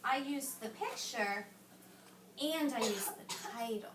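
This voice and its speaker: A woman teacher reading a picture book aloud to young children and patiently coaching them, hushing them when they call out. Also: a little high, slow, background noise. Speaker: elementary school teacher. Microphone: camera some distance away. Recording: roomy classroom sound, distant mic.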